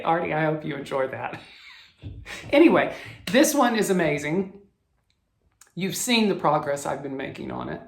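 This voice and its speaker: In a Southern US accent, a man whose voice is a little high and creaky shows off his cross-stitch work in a casual chat. His sentences keep breaking off and restarting with self-corrections, and the room gives the audio a noticeable echo.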